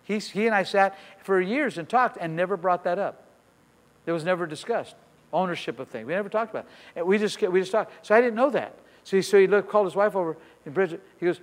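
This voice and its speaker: An older man preaching a sermon as pastor, telling a story with acted-out dialogue, repeating phrases and building to shouts. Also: fairly high pitch, expressive, fast, in a large hall.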